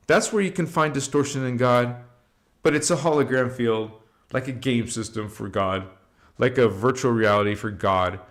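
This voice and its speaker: A man hosting a spiritual livestream, talking loosely and slangily, swearing now and then, and leading slow chanted affirmations. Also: mid-range voice. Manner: loose and slangy, swears, drifts between chat and slow incantation.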